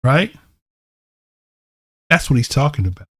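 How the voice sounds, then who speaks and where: A man's voice: medium pitch, very animated, measured pace, a bit bright, breathy edge, no echo, clean studio sound. A man teaching a bible lesson, reading verses aloud and explaining them, often asking "right?" to check in with listeners.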